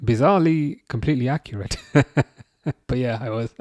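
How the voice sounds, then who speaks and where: A man in his thirties hosting a live football watchalong, chatting casually and reading out comments, with a halting, restarting way of talking. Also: medium pitch, darkish tone, no echo, clean studio sound. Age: 30s. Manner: halting, many restarts, chuckles often.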